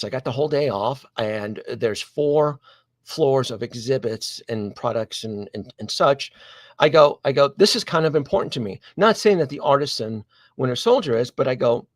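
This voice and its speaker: A man's voice: medium pitch, dry recording. Man, stream host, rambling casual storytelling, dry close sound. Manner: animated, digressive, many restarts and asides to viewers. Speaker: host of a collectibles live stream.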